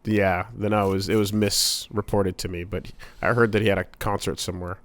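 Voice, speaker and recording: A man's voice: lowish voice, level tone, moderate pace, a bit bright. A man co-hosting a podcast, chatting casually with dry, teasing humor in a laid-back way. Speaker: podcast co-host.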